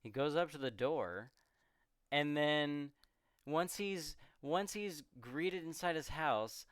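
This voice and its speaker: Brief: young male co-host, smooth clear tone, close dry mic, rambling, swears, acts out scenes. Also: a little high, lively intonation, slow pace, a bit bright, no room sound. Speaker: podcast co-host. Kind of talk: casual movie discussion.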